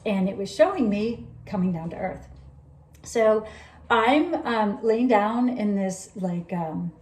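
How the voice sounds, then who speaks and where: A woman's voice: medium pitch, takes it slowly. Chatty woman telling a story, roomy echo. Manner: animated, rambling, laughs often, acts out quoted dialogue. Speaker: vlogger recounting a personal experience. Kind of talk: casual storytelling monologue.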